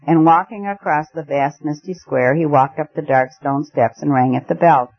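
A man reading a classic novel aloud as narrator, in a steady storytelling manner. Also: a little high, normal speed. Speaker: audiobook narrator. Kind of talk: scripted narration. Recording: muffled lo-fi recording.

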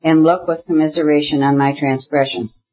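A husky-voiced reader voicing a bitter, ailing radical brother who argues heatedly, in an audiobook. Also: medium pitch, fairly even intonation, a little fast, lo-fi sound, lightly acted. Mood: agitated. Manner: heated, argumentative, bursts into shouting.

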